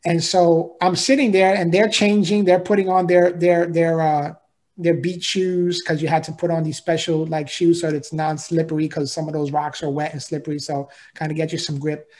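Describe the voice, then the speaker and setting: A man's voice: on the high side, flat delivery, moderate pace, darkish tone. Earnest man telling a heartfelt story. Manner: earnest, heartfelt, with frequent repetitions and "right?". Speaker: podcast guest. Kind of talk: emotional personal storytelling.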